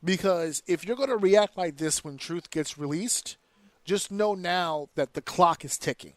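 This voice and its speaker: A man hosting a casual podcast, ranting in an animated, profane way. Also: a little high, no room sound. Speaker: podcast host.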